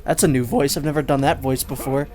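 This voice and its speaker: A man's voice: mid-range voice, fairly even intonation, quick pace, mellow. A man hosting a let's play, giving sarcastic, exasperated commentary on a game. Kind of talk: gameplay commentary. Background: game music.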